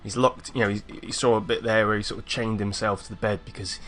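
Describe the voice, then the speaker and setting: A man's voice: fairly low pitch, fairly even intonation, fast, a bit bright. Laid-back English man reviewing. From England. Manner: laid-back, chatty, meandering. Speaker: YouTube reaction host. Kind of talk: casual reaction commentary.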